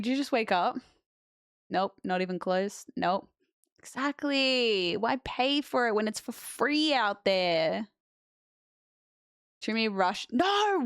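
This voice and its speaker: A woman's voice: fairly high pitch, no echo, clean studio sound. A young woman streaming, chatting bluntly and jokingly with her live chat and reading messages aloud. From Australia.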